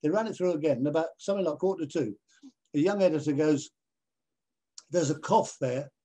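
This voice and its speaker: A man, a television presenter, telling anecdotes in an animated way over a video call and acting out other people's voices. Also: on the high side, fast talker. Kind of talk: anecdotal storytelling in a conversation.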